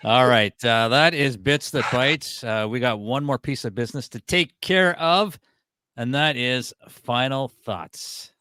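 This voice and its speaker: A man's voice: medium pitch, a little slow, bright, forceful tone, clean tone. A man hosting a comedy podcast, keeping it upbeat and moving from one segment to the next. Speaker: podcast host. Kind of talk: casual chat, hosting segments.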